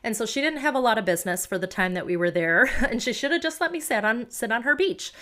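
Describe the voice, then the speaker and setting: A woman's voice: fairly high pitch, expressive, fast talker, bright, forceful tone. An American woman hosting a podcast, telling travel stories in a chatty, rambling way with many fillers. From United States. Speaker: podcast host. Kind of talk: casual travel storytelling.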